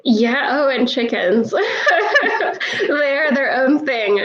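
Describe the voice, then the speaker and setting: A woman's voice: high voice, extremely slow, dull audio, a crowd in the background. A woman who is an animal communicator, telling stories in a casual interview and laughing often.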